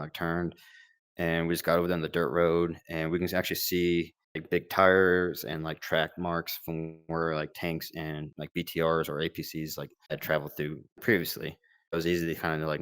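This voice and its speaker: Young guy, very low voice, dry close sound; casual, rambling war storyteller. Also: level tone, a little fast, fairly bright tone, smooth, dry recording. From United States. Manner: laid-back, rambling, lots of fillers and quoted dialogue. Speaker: former Marine combat medic recounting war experience.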